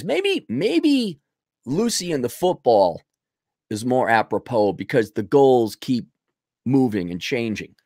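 A man's voice: medium pitch, sing-song, slow pace, a little mellow, no room sound, studio quality. A man in his thirties hosting a podcast, rambling and sarcastic in casual livestream commentary. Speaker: podcast host.

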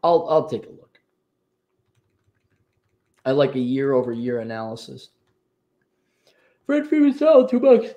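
A man's voice: medium pitch, measured pace, pauses often, highs cut off. A man from the United States hosting a livestream, reading out paid chat messages and answering them in an offhand, wry way. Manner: offhand, wry, lively commentary.

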